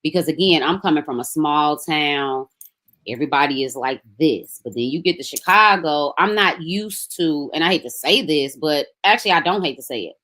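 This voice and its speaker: A woman from Memphis with a Southern accent, a podcast guest telling her story in a relaxed, conversational way. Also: low-pitched, normal speed. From Memphis, Tennessee. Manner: relaxed, conversational, animated when quoting others. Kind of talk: casual storytelling interview.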